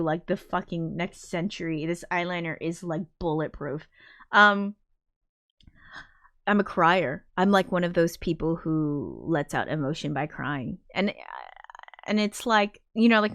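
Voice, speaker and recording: A woman's voice: on the low side, fairly bright tone, no echo, studio quality. A woman livestreamer chatting casually and emotionally, reading viewer comments, full of fillers and frank swearing. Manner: rambling and emotional, with many fillers and frequent swearing. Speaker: livestreamer and film composer.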